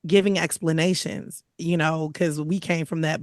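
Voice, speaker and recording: A woman's voice: deep voice, fairly even intonation, normal speed, no echo, studio quality. A woman co-hosting a podcast in casual chat, effusive and emphatic, recorded over a video call. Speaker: podcast co-host.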